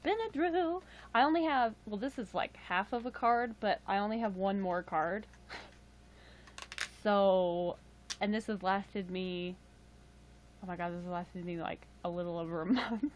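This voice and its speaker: A woman's voice: fairly low pitch, fairly even intonation, a little slow, long pauses. A young woman casually chatting on a livestream, rambling with lots of fillers and self-deprecating asides. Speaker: livestream host.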